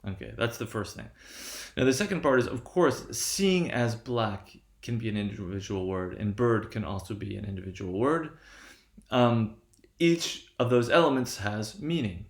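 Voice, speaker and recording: Lecturing man in an echoey room. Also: mid-range voice. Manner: frequent "right?" checks, restarts. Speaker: linguistics lecturer. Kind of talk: explanatory lecture.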